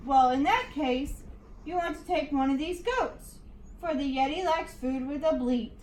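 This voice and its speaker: A woman's voice: high-pitched, a little slow, a little mellow, slight background noise. A woman voicing an insulted, snappy female monster who growls at being mistaken. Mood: affronted. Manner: affronted, snappy. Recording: echoey room, distant mic.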